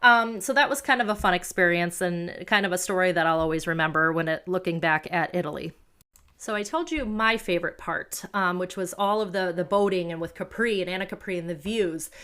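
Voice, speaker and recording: A woman's voice: fairly low pitch, a little fast, a bit bright, clean tone. An American woman hosting a podcast, telling travel stories in a chatty, rambling way with many fillers. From United States. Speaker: podcast host. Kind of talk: casual travel storytelling.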